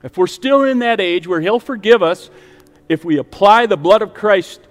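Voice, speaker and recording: A male pastor preaching a sermon in a church, rising to emphatic peaks and then dropping to a soft, quiet voice to lead prayer. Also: high voice, expressive, moderate pace, in a large hall. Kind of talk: sermon with altar call. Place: church sanctuary with online stream.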